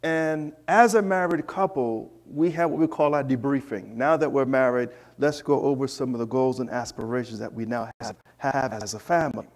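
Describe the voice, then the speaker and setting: A man preaching in a church, telling a lively personal story with asides to the congregation. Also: mid-range voice, moderate pace, hardly any pauses. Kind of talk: storytelling sermon.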